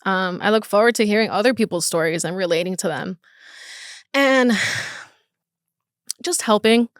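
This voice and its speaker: A woman's voice: mid-range voice, a little slow, dry recording, clean studio sound. A young woman hosting her first solo podcast episode, talking candidly and nervously, emotional and swearing freely. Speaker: podcast host. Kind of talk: casual solo podcast monologue.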